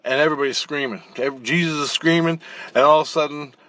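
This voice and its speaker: A fast-talking channel host with a fairly high voice and no room sound relates a long spirit-world dream. He rambles casually, swears bluntly, keeps restarting and repeating words, and acts out the action with animation.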